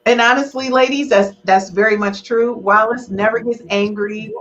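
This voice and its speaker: A woman hosting a casual relationship podcast over a video call, animated, teasing and playfully dramatic. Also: a little high, moderate pace, highs cut off. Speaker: podcast host.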